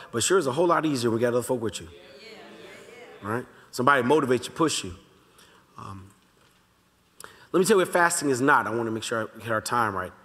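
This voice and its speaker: A pastor teaching a Bible study in a relaxed, conversational way, talking straight to the congregation and slowly repeating his key lines. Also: mid-range voice. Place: church sanctuary. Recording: long reverb of a large church hall.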